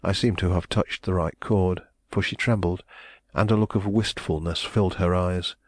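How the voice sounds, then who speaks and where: A man narrating a novel in a measured, solemn manner. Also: low-pitched, fairly even intonation, no room sound. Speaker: audiobook narrator. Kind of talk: scripted audiobook narration.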